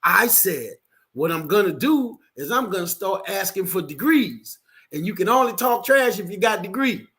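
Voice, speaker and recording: A man co-hosting a podcast, telling a story in a lively way and acting out the people in it. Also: sits high, normal speed. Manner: lively, acts out voices in his story. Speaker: podcast co-host. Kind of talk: animated storytelling.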